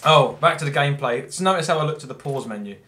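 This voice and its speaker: A man's voice: a little high, lively intonation, fast, pushed and bright. Rambling young Englishman doing game commentary. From England. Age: young adult. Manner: rambling, chatty, self-deprecating. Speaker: gamer giving commentary. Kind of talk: casual gameplay commentary.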